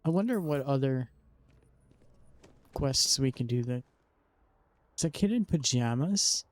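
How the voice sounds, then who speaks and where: A man's voice: mid-range voice, lively intonation, measured pace, dry recording. A young man casually commentating his gameplay, joking and teasing the characters. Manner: jokey, teasing game characters. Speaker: gaming streamer. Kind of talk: casual let's play commentary.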